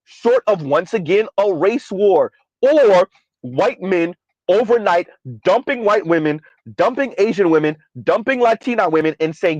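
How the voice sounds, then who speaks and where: Exasperated high-voiced man ranting. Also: lively intonation, normal speed, darkish tone, no echo, lo-fi sound. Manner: sardonic, exasperated, repetitive emphasis. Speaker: commentary vlogger. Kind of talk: ranting commentary.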